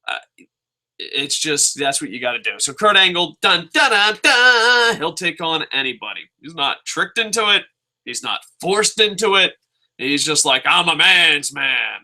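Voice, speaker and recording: Sharp-voiced man ranting profanely. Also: on the high side. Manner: sarcastic, swears constantly, acts out quotes. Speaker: wrestling show reviewer.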